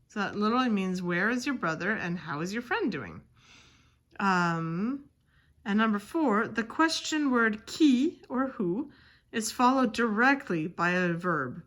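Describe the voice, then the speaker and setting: A woman's voice: a little high, expressive, unhurried, fairly bright tone. Casual woman teaching a French lesson. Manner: explanatory, casual with fillers and self-corrections. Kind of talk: recorded textbook lesson.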